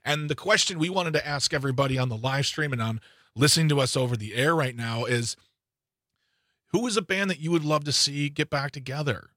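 A man hosting a radio show, chatting casually and playfully with a co-host, with lively swings in pitch. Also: brisk, no echo, clean studio sound. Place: radio studio. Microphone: studio microphone.

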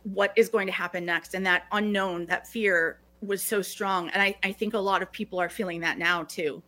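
A woman's voice: mid-range voice, fairly even intonation, moderate pace, pushed and bright. A middle-aged woman speaking as a guest on a talk show, earnest, often restarting her phrases. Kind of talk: reflective podcast conversation.

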